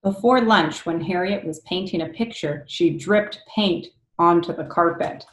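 A woman reading a picture book aloud to children, expressive and pausing to ask them questions. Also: lowish voice, slight background noise. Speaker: read-aloud storyteller for children. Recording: echoey room.

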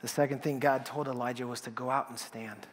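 A male pastor preaching a sermon, dramatic, swinging from loud declarations to whispers, with a long hall reverb. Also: mid-range voice, fairly even intonation, fairly quick, slight background noise.

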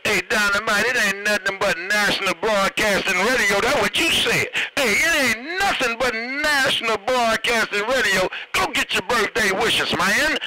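A man's voice: high-pitched, normal speed, few pauses, crowd noise, rough recording. A man teasing and joking over a CB radio, signing off his turns with radio lingo. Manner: joking, teasing, signs off with "break, break". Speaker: CB radio operator. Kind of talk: CB radio chatter.

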